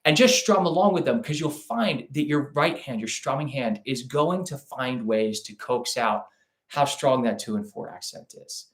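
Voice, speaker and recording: A man teaching a live online ukulele lesson in a relaxed, chatty way, scatting rhythms aloud as he demonstrates. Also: medium pitch, normal speed, reverberant. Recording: ukulele playing loudly behind the voice. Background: ukulele playing.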